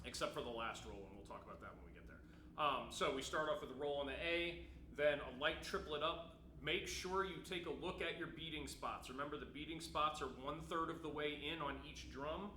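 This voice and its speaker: A man's voice: fairly high pitch, bright, forceful tone. A man giving a patient timpani lesson, explaining technique and checking in with his students as he plays. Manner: patient, explanatory, frequent "right?" check-ins. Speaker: percussion teacher. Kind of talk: instrument lesson demonstration. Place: room with timpani, roomy echo. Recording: roomy echo, faint noise.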